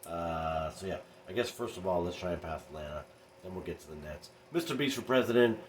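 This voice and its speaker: A man's voice: sits low, a little fast, a little hiss or hum, rough recording. A man doing a casual, rambling basketball recap for his vlog, talking straight to his viewers. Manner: rambling, animated, talks to viewers. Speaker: sports fan vlogger.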